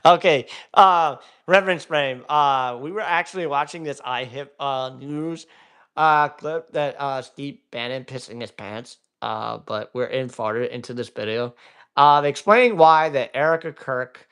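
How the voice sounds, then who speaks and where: A man's voice: on the high side, fairly bright tone, clean tone. Male stream host, casual political rant, crude and rambling. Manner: rambling, crude, many fillers. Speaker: livestream host.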